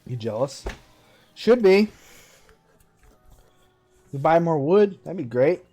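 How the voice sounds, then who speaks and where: Mellow-voiced man streaming a game. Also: on the high side, lively intonation, takes it slowly, highs cut off. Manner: sarcastic, self-mocking running commentary. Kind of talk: casual live-stream commentary. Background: faint game music.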